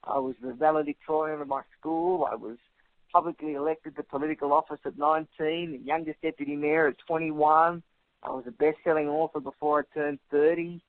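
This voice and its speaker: Brisk and flat, with a slightly high voice, this thirties-aged Australian guest confidently trades in punchy rhetorical contrasts during a radio interview. The audio comes over a dry, tinny phone line.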